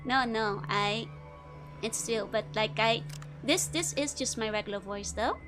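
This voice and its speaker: A young woman with a high, light voice, chatting with viewers while she plays a game. She laughs easily and talks loosely, full of "like" and "you know". Faint music plays behind her. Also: a little slow. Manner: giggly, answers chat questions, frequent laughter. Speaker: VTuber streamer. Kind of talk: casual gameplay chat with chat.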